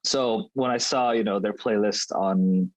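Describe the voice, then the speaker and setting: Low-voiced man in dry casual chat. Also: measured pace, no echo, low-quality recording. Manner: relaxed, rambling, with frequent restarts. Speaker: podcast co-host.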